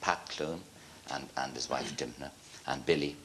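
An older Irish man with an extremely deep voice interviews guests on a studio talk show. He asks gentle, conversational questions, with a faint hum of studio noise behind him. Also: moderate pace.

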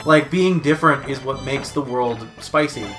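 A man's voice: medium pitch, normal speed. A man co-hosting a casual chat, blunt and heavily profane. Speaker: co-host. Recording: loud background music.

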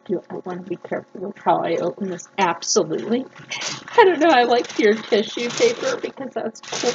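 A woman vlogging a casual unboxing, gushing and excitable, jumping into high squeals of delight. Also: brisk. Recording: dull lo-fi sound with clear background noise.

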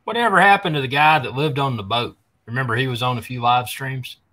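A man joining a livestream as a guest, giving brief, relaxed replies in casual chat. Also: mid-range voice, brisk.

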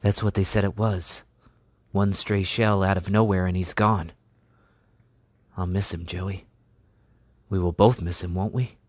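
A man voicing a gentle young farm lad turned soldier, who speaks softly and fondly as if to his horse. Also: low-pitched, flat delivery, unhurried, pauses often, dry recording, clean studio sound. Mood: grieving.

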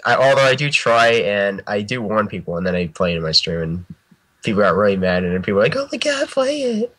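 A man's voice: fairly low pitch, steady tone, fast, fairly bright tone, rough recording. A man chatting casually as a guest artist, rambling and restarting his sentences and laughing often. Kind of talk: casual chat.

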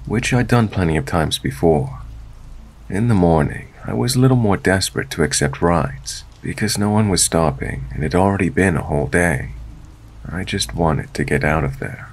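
A man narrating a true scary story in a steady, measured storytelling voice. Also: low voice. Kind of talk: scripted narration.

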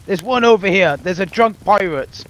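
Lively high-voiced man hosting a role-play joust. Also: moderate pace, a little hiss or hum, rough recording. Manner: bossy, playful lordly bluster. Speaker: tournament host. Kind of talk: game role-play on voice chat.

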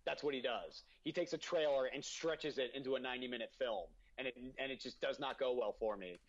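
A man's voice: mid-range voice, a little fast, highs cut off. A man co-hosting a podcast, ranting and teasing his friends in casual banter, often repeating himself. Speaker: podcast co-host.

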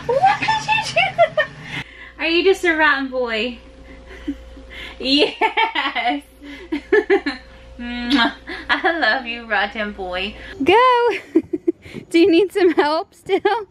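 Giggly young mom cooing baby talk. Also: female voice, sits high, sing-song, extremely slow, pauses often, a bit bright, slight background noise. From United States. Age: young adult. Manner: giggly, coos baby talk to her son. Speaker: mother filming her family. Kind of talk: home video chat with a toddler. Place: family home, indoors.

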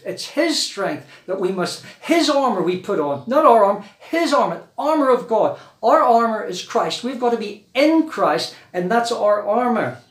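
A South African man preaching a sermon earnestly, acting out the voices in the Bible story he tells. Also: sits high. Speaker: pastor. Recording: echoey church room.

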